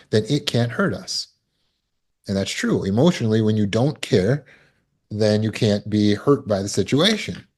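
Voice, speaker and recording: Man telling stories, playing out voices. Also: dark tone. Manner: storytelling, acts out quoted voices with big pitch jumps. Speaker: trauma recovery coach. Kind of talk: casual talk to camera.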